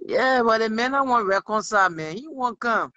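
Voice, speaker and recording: A caller joining a live stream and speaking in an insistent, repetitive way. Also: male voice, high-pitched, animated, a little fast, pushed and bright, no echo. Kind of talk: casual call-in chat. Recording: dull dry call audio.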